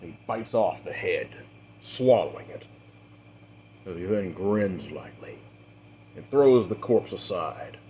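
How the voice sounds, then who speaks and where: A man acting as game master, narrating a tabletop role-play story in a measured, dramatic way with the odd filler. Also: low-pitched, expressive, dark tone, a little hiss or hum.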